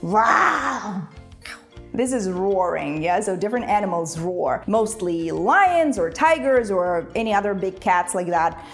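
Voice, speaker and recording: Young woman, ukrainian native, teaching english, bouncy pitch, jokey and laughing a lot. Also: animated, moderate pace, faint music behind. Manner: playful, laughs often, imitates animal sounds. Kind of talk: casual video lesson.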